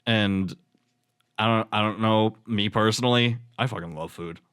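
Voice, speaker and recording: Casting: man co-host, lowish voice, dry close sound, easygoing rambling talk. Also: moderate pace, a bit bright, smooth, no echo. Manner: rambling, many fillers, swears casually. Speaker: podcast co-host. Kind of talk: casual chat.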